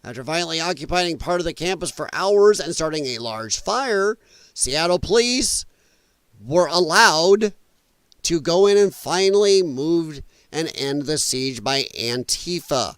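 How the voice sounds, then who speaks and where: A man's voice: a little high, lively intonation, unhurried, fairly bright tone, clear, resonant tone, dry recording. A man hosting an opinionated news commentary show, talking bluntly and mockingly, and rambling as he goes. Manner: rambling, trails off while scrolling. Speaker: podcast host.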